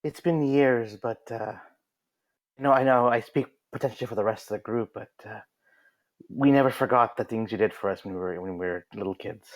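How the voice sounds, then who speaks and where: A man playing a tabletop game in character, speaking earnestly and haltingly, with fillers. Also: lowish voice, low-quality recording. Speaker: player.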